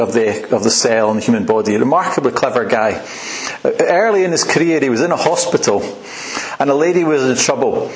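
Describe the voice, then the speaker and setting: A man's voice: mid-range voice, roomy sound, poor audio. A man preaching a sermon in a church, telling stories in a conversational, rambling way with restarts. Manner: conversational, anecdotal, with frequent restarts and fillers.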